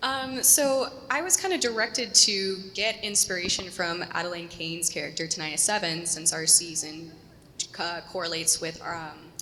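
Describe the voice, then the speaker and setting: A young woman speaking on a convention panel in a bubbly, quick, upbeat way. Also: on the low side, bright, forceful tone, slight background noise. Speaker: panel guest. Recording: echoey convention hall.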